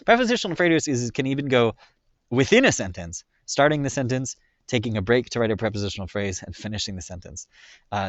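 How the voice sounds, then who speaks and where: A man's voice: medium pitch, expressive, fairly quick, dry recording, muffled recording. A man teaching a slideshow grammar lesson in a casual way, full of ums and frequent checks of "right?". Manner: casual, filler-heavy explaining with frequent "right?".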